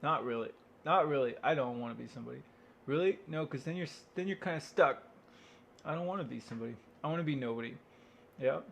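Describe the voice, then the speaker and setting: A man's voice: mid-range voice, fast talker, vocal fry, slight background noise. A man in a casual, rambling monologue, wry and self-interrupting, who swears freely. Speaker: vlogger.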